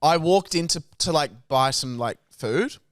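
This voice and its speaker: A man's voice: a little high, animated, a little slow, fairly bright tone, dry recording, studio quality. A young Australian man co-hosting a podcast, telling a rambling, sweary anecdote in casual chat. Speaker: podcast co-host.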